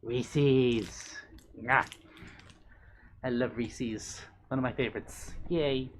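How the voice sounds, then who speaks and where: A man's voice: fairly even intonation, extremely slow, a little hiss or hum. Bubbly, doting man chatting on a stream. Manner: playful, doting, bubbly, with big pitch swings. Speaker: livestreamer reading chat. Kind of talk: casual live-stream chat.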